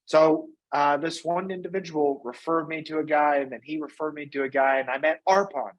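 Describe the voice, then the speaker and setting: A man being interviewed as a guest, telling his business story in a casual, energetic way and often tagging on "right?" and "you know". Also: fairly high pitch, a little fast, low-quality recording. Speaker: guest, company founder and CEO.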